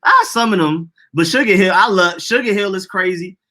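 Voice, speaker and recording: Bright-voiced man on a podcast. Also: high voice, fairly quick. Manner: laughs often, animated and repetitive. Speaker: podcast co-host. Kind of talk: casual chat. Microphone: streaming podcast mic.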